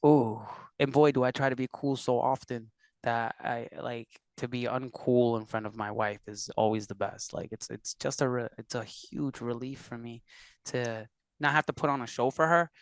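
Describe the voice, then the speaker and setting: A man's voice: mid-range voice, moderate pace, clear, resonant tone, no echo. A man from Puerto Rico, a musician and producer, telling stories animatedly as a podcast guest. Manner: animated storyteller, acts out quotes. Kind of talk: casual interview conversation.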